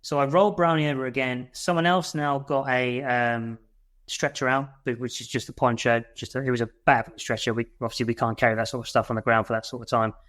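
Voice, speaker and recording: A man's voice: mid-range voice, fairly even intonation, brisk. A man, a military veteran, telling a war story as a podcast guest in a blunt way, with swearing. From United Kingdom. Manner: blunt and swearing, re-enacts his shouts.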